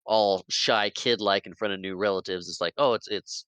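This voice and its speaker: A man's voice: fairly low pitch, normal speed, clean tone, no echo, poor audio. A man co-hosting a podcast, casually retelling a film's scenes and acting out the characters' lines. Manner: animated retelling, acts out character lines with laughs. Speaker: podcast co-host. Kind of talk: casual movie recap chat.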